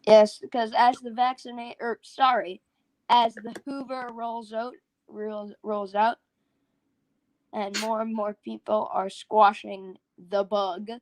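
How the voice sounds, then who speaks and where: A woman's voice: mid-range voice, little pitch movement, takes it slowly, slight background noise, rough recording. A tired woman co-hosting a livestream in casual chat, rambling and restarting her sentences. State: tired, yawning. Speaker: livestream co-host.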